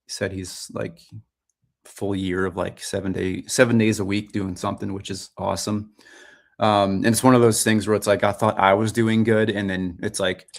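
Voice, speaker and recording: A man co-hosting a podcast, telling a story in relaxed casual chat with frequent ums. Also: on the low side, normal speed, gravelly. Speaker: podcast co-host.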